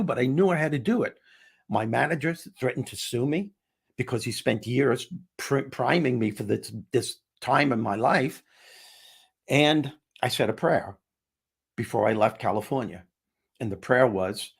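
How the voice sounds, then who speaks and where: A man with a husky, somewhat breathy voice tells a story in conversation. He acts out every exchange, dropping his voice low for the quiet moments and lifting it for the excited ones. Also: normal speed. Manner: acts out dialogue, shifting voice for each person. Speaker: guest, comedian and speaker.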